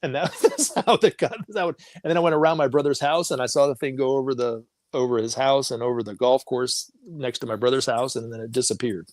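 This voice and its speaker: A man's voice: mid-range voice, a little fast, few pauses, darkish tone, dry recording. A man talking as a guest on a talk show, telling stories casually and acting out the voices of the people in them, laughing often.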